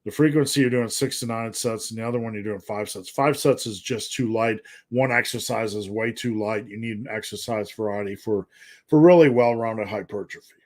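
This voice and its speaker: A man's voice: fairly low pitch, brisk, a little mellow. A man coaching on a live-stream, reading out viewer questions and answering in a loose, jokey way. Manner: jokey, loose and rambling, reads viewer names aloud.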